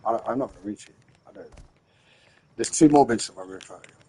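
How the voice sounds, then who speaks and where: A man's voice: mid-range voice, a little fast, mellow, husky, poor audio. A man giving rambling, casual commentary as he plays a game late at night, tired and repeating himself while handing out tips. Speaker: gamer streaming his play.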